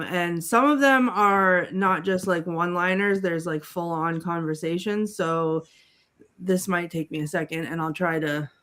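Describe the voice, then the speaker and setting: A woman's voice: lowish voice, fairly bright tone. A woman co-hosting a casual panel podcast, playfully reciting film lines with giggles. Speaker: podcast co-host.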